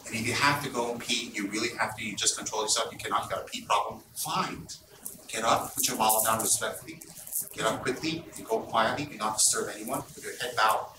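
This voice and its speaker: Animated, teasing man in a roomy hall. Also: lowish voice, brisk. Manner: animated storytelling, blunt and teasing. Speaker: Buddhist teacher. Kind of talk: informal dharma talk. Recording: roomy, distant mic, background noise.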